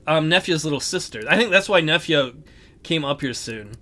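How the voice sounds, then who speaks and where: A man's voice: fairly high pitch, lively intonation, moderate pace, sharp tone. A man hosting a casual let's play, commenting on a game in a jokey, upbeat way.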